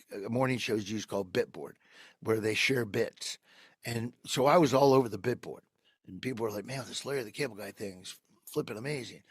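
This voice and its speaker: Man, american comedian guest, lively storytelling, plays out the quotes, dry close sound. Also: fairly low pitch, no room sound. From United States. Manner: animated storyteller who acts out quoted people. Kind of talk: casual storytelling interview.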